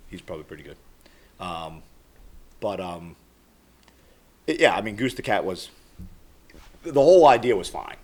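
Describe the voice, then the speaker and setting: Low-voiced man giving rambling opinions. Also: big pitch swings, normal speed, pauses often. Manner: rambling, self-correcting opinions. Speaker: co-host. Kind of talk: casual chat. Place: small studio.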